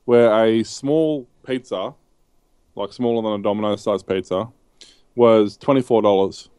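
An Australian man on a casual chat show, telling meandering stories with plenty of ums and false starts. His voice is fairly low and smooth. The recording is dry and close. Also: unhurried, mellow, no echo. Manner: rambling anecdotes with many ums and restarts. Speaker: co-host.

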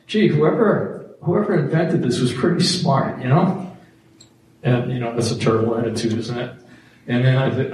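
A man's voice: medium pitch, a little mellow, slight background noise. Man telling his story in an echoey hall. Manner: conversational, self-deprecating, many fillers. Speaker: speaker giving testimony. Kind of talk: personal faith testimony. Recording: very echoey room, distant mic, faint ambience.

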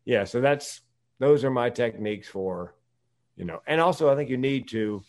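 A man's voice: medium pitch, expressive, moderate pace, darkish tone. Man, from the United States, podcast guest, candid storyteller, laughs easily. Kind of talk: casual conversation.

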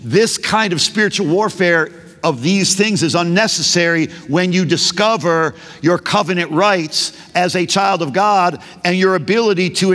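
A man's voice: high voice, fairly bright tone. A man preaching a sermon as a pastor, passionate and full of rhetorical questions. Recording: long reverb of a large hall.

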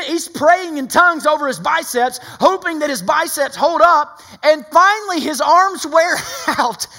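A male pastor preaching a streamed sermon, telling a story with animated, excited delivery that drops to hushed intensity. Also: very high-pitched.

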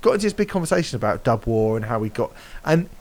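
A man's voice: medium pitch, big pitch swings, fast, a little mellow. A man in his forties chatting casually on a podcast, telling a story with lots of animation and swearing. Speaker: podcast guest. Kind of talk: casual chat.

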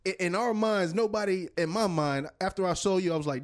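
Man from new jersey, forties, high voice, lively slangy storytelling, casual host chat. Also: fairly quick. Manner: animated storyteller, laughing, slangy.

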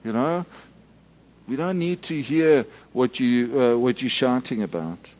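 A man's voice: mid-range voice, unhurried. Man preaching a story sermon. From South Africa. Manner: storytelling with frequent restarts and acted shouts. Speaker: Methodist minister.

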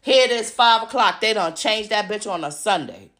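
A woman's voice: mid-range voice, lively intonation, normal speed, fairly bright tone. Profane, ranting woman. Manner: profane, mocking, repeats insults. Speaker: podcast host. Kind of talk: angry ranting monologue.

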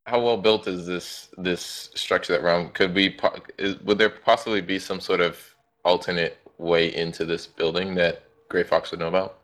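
A man's voice: low-pitched, steady tone, normal speed, a bit bright. A man playing a tabletop game, talking hesitantly and often restarting his sentences. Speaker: player. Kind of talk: casual tabletop play.

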